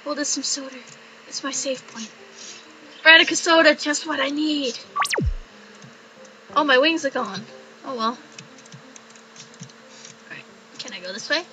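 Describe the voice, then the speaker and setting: A woman's voice: high voice, a little slow, pauses often, bright, forceful tone, slight background noise, poor audio. A young woman hosting a let's play, giggling, swearing freely and reading game text aloud. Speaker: gaming channel host.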